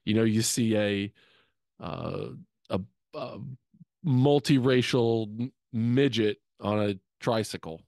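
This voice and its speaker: A man with a lowish voice shares affectionate, humorous memories as a eulogy on his podcast. He speaks into a studio mic, and the sound is close and dry with no room echo. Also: slow, vocal fry, a little mellow. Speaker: podcast co-host. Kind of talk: eulogy told as personal stories.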